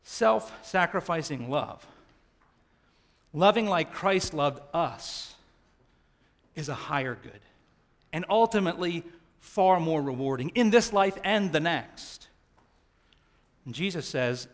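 Animated preaching man, high bright voice. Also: slow pace, long pauses. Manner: animated preaching, drops to quiet for emphasis. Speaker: pastor. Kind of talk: sermon.

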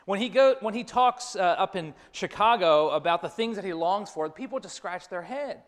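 A man's voice: high-pitched, fairly bright tone. A man preaching a sermon, telling a story and repeating key phrases for emphasis. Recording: long reverb of a large hall.

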